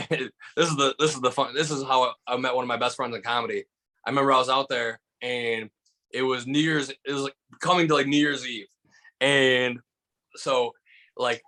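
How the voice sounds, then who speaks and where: A comedian from Michigan telling stories in a casual chat, rambling with lots of restarts and fillers. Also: male voice, medium pitch, pushed and bright. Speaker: guest comedian.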